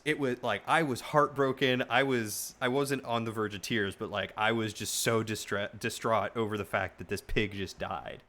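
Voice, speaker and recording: A man streamer telling a long story casually to his live chat, animated and rambling with frequent restarts. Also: fairly low pitch, moderate pace, few pauses.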